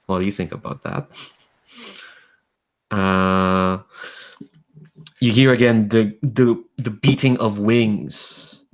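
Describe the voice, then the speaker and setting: A man's voice: lowish voice, slow pace, long pauses. A man narrating a tabletop role-playing game as game master, casually thinking aloud. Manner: relaxed, thinking aloud with fillers.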